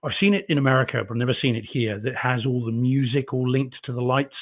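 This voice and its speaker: A man's voice: mid-range voice, fast talker. A man co-hosting a podcast in casual chat, asking friendly teasing questions. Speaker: podcast co-host. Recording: phone-like remote call line.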